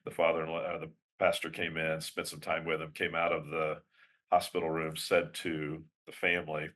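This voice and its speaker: A man's voice: very deep voice, completely flat delivery, normal speed, fairly bright tone. A man hosting a conversation, asking questions and retelling stories. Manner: questioning, storytelling. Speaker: podcast host. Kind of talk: interview conversation.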